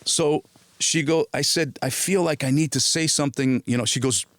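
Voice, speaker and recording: A man's voice: on the high side, moderate pace, no room sound. A middle-aged man, an actor, telling stories in a casual interview. He acts out quoted dialogue as he goes, restarts often and swears casually.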